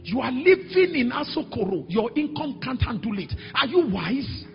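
A middle-aged man with a Nigerian accent preaching a sermon, telling stories and acting out other voices, sometimes shouting. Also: very high voice, normal speed. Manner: animated, acts out quoted voices, sudden shouts. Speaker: pastor. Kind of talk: sermon with storytelling. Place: large church hall. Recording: echoey hall, dull sound, faint music.

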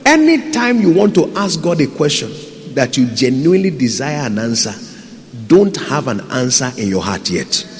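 A pastor delivers an impassioned sermon in a mid-range voice with big pitch swings at a normal speed. He calls out to his congregation, moving between loud pleas and quiet asides, and a large hall adds long reverb.

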